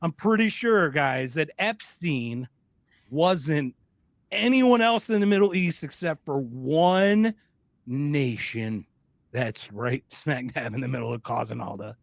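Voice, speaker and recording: Sarcastic podcast guy, swears a lot, kinda high voice, dead dry sound. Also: lively intonation, takes it slowly, vocal fry, dry recording. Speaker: podcast co-host. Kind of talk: casual podcast chat.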